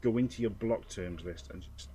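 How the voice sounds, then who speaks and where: A man's voice: on the low side, fairly quick, mellow, husky. A man streaming who lectures in an aggrieved, profane way, with faint music behind him. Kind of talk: angry live-stream rant.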